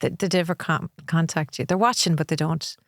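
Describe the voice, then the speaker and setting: A middle-aged Irish woman talks through her experiences in a candid, reflective way. Her voice sits a little low for a woman, and the recording is close and dry. She now and then acts out what other people say to her. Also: a little fast, no echo. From Ireland. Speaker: podcast guest. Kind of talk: conversational interview.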